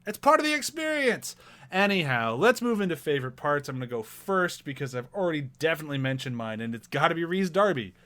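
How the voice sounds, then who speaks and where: Animated man with a lively voice. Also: fairly high pitch, quick pace. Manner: animated, laughs often, acts out movie quotes. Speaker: podcast host. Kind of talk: casual film review chat.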